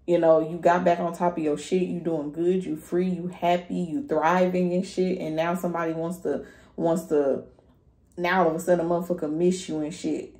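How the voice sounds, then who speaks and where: A woman's voice: lowish voice, little pitch movement, normal speed, warm tone, roomy sound. A woman giving a casual tarot reading, blunt and profane, talking straight to her viewers. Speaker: tarot reader.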